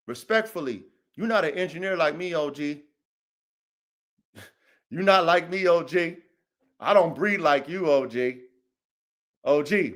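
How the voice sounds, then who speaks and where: High-voiced man, confrontational podcast host. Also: a bit bright. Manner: confrontational, slangy, repeats a taunting catchphrase. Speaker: podcast host, dog breeder. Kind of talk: livestream podcast monologue.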